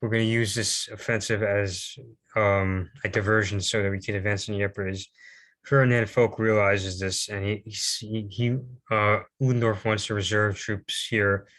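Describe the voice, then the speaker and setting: A man's voice: on the low side, little pitch movement, normal speed, a bit bright. A young man giving an informal history presentation, rambling and hesitant with many fillers and restarts, adding self-deprecating asides.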